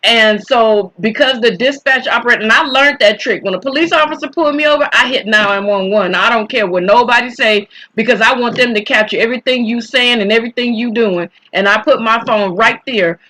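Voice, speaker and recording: Bright, sharp-toned woman recounting a story with indignation; casual talk, throat-clearing. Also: a little high, fairly quick, few pauses, rough recording. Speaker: commentator telling a personal story.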